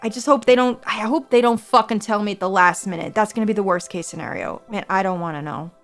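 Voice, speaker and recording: A woman's voice: medium pitch, fast. Brief: young woman streamer, anxious and rambling, mid-range voice, faint music behind. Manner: anxious, rambling, repeats herself. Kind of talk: casual livestream chat.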